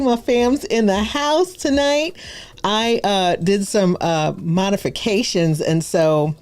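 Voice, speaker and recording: A woman hosting a live stream as a branding coach, bubbly and exclamatory, full of slangy asides and repeated excited exclamations. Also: medium pitch, unhurried.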